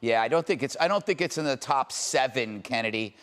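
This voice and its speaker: A man's voice: medium pitch, expressive, fairly quick, a bit bright. A man on a TV panel, arguing combatively in an opinionated debate, teasing and restarting his sentences. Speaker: panelist on a TV talk show.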